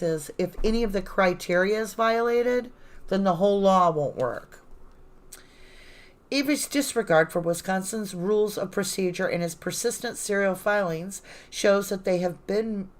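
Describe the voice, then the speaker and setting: A woman's voice: medium pitch, measured pace. A woman hosting a true-crime channel, reading court papers aloud live and breaking off into sarcastic, indignant asides. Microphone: phone.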